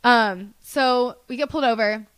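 A young woman telling a casual story as a podcast guest, chatty and animated, swearing freely and saying "like" a lot. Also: a little high, normal speed, clear, resonant tone, no room sound. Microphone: studio podcast mic.

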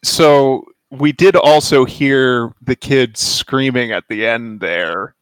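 A man co-host chats casually on a podcast panel and keeps slipping in wry jokes. His voice sits at a middling pitch, and the recording is close and dry. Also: slow pace, clear, resonant tone, dry recording, poor audio. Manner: joking, wry asides.

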